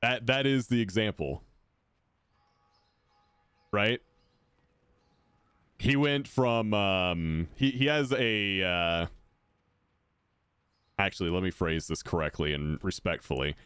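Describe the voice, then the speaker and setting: A man with a deep voice chatting casually and rambling while he streams a game. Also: lively intonation, slow pace, long pauses, a bit bright, clear, resonant tone, no echo. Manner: rambling, self-correcting, laid-back. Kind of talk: casual chat while gaming.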